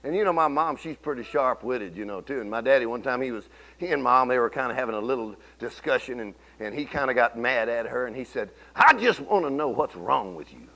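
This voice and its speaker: With a quick pace, a male pastor works through his sermon using folksy anecdotes. He drops to soft murmurs, then rises to shouted declarations.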